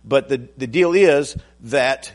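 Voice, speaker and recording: A male pastor preaching a sermon, talking conversationally to his congregation, restarting phrases and building to loud, emphatic peaks. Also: mid-range voice, takes it slowly.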